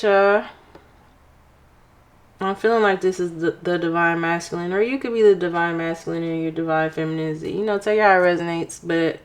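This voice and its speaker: A young woman giving a casual tarot reading to her viewers, expressive and excitable, talking through tears at times. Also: fairly low pitch. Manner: expressive, excitable, exclaims often. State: emotional, near tears. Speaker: tarot reader.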